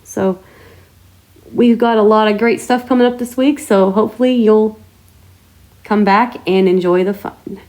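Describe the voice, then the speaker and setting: A woman vlogger chatting casually to her viewers, telling stories in a chatty way with mild swearing and drawn-out exclamations. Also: mid-range voice, fairly even intonation, darkish tone. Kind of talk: casual chat to camera.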